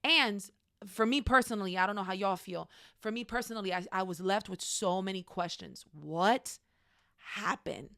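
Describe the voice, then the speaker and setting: A woman leads a faith-based class, speaking frankly and talking straight to her listeners. Her voice sits at a middle pitch. The sound is dry and close. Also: moderate pace, gravelly, bright, forceful tone, no echo. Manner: conversational, frank, addresses listeners directly; acts out quoted voices. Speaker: class teacher. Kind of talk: faith-based teaching talk.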